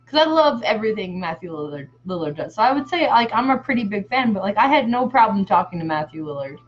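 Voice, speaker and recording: A woman paints a face design while vlogging, chatting casually and rambling through stories full of fillers and offhand swearing. She talks fast in a mid-range voice with big pitch swings, and the audio is muffled and lo-fi.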